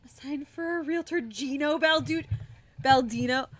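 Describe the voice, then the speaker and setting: A young American woman streams live, chatting casually with her viewers in a giggly, slightly tired way. Her voice sits high, her pace is normal, and there's no room sound.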